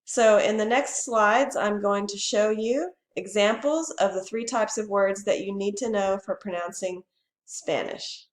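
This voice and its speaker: Clear-speaking woman teacher, echoey room. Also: mid-range voice. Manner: reads each Spanish phrase and then gives the English, slow and clearly spoken. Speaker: Spanish teacher. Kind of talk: bilingual classroom lesson.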